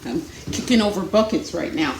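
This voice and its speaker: A woman's voice: on the low side, animated, fairly quick, gravelly, reverberant, very noisy. Chatty woman, out of breath. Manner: chatty, rambling, many fillers. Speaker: vlogger. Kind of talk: casual chat. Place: home, indoors.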